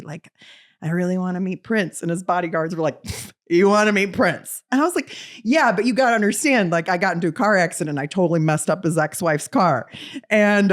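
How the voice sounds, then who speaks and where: A woman in her forties from Wisconsin, a podcast guest telling stories in a casual, laughing way and acting out the quoted lines. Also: low voice. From Wisconsin, US Midwest. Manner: lively, laughing, acts out quotes in raised voice. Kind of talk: casual storytelling.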